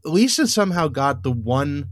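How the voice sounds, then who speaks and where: A man talks through a podcast recap in a loose, rambling way, his voice sitting a bit high. He trails into ums and restarts and drops dry, wry asides. The sound is close and dry, with no room around it. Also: sing-song, normal speed, dry recording. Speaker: podcast host.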